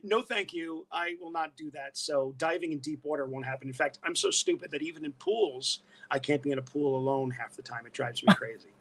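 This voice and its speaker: A man speaks as a guest on a casual podcast, telling stories in an emphatic, self-mocking way. His voice sits a little high for a man. He keeps the chat lively and animated. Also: a little fast, hardly any pauses, a little hiss or hum.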